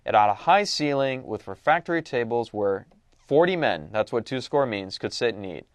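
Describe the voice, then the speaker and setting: A man goes over a lesson informally, reading sections aloud and asking questions only to answer them himself. He speaks conversationally in an expressive, mid-range voice at a moderate pace, with no echo.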